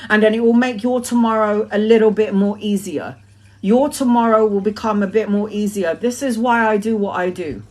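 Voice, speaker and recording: A woman's voice: medium pitch, moderate pace, a little mellow. A woman in her forties, a tarot reader talking in a casual live-stream monologue, emphatic and repetitive, swearing freely as she talks. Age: 40s.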